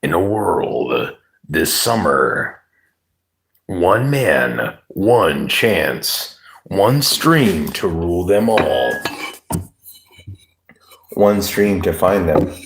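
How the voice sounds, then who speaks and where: A man putting on an epic movie-trailer announcer voice, rich and low, every phrase drawn out slowly, grand and portentous, like the opening of a blockbuster preview. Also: very animated, full character voice. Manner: slow, portentous trailer delivery.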